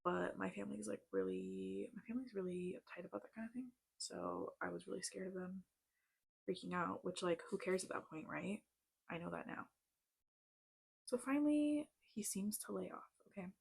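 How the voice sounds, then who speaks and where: A woman's voice: lowish voice, sing-song, normal speed, vocal fry, breathy edge. A woman in her thirties telling a personal story in a casual, chatty way, full of "like" and tense asides. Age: 30s. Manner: chatty, lots of "like", tense retelling. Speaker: vlogger. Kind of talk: casual storytime while doing makeup.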